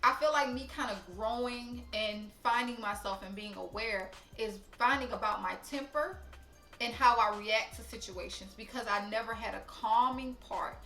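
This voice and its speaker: A young woman telling a story to camera, blunt, profane and animated. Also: on the high side, moderate pace, reverberant, faint music behind. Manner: blunt, profane, animated, talks straight to viewers. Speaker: storytime vlogger.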